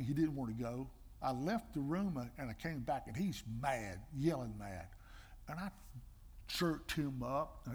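An older man giving sermon-style teaching with personal stories, emphatic and animated, with a husky voice. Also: a little high. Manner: animated storyteller, emphatic, mimics slapping sounds. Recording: long reverb in a large hall.

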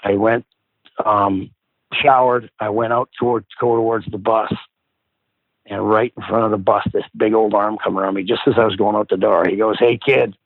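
A middle-aged man with a slightly low voice tells stories in a loose, profane way and slips into the voices of the people he quotes. The sound is thin and phone-like, close and completely dry. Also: flat delivery, normal speed, no echo. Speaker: guest, former hockey player. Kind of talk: casual storytelling.

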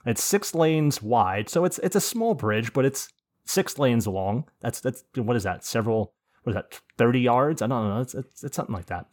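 A man's voice: medium pitch, lively intonation, normal speed, darkish tone. A man hosting a podcast in casual chat, telling rambling stories with swearing and laughs. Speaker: podcast host.

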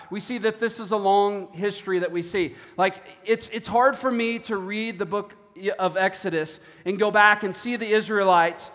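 High-voiced man preaching in a reverberant hall. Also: fairly bright tone. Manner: earnest, repeats words while preaching. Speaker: pastor. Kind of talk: sermon.

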